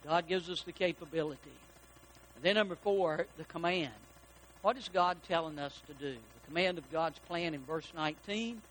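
High-voiced folksy preacher. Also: male voice, moderate pace, slight background noise. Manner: folksy, animated preaching with rhetorical questions to the congregation. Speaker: pastor. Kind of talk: sermon. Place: church sanctuary.

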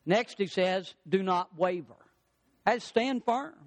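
A man's voice: high voice, animated, slow pace, big-room sound. A male pastor delivering a sermon, building emphatic repeated lines and acting out the quotes he tells. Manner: preaching with rising emphatic lines and acted-out quotes.

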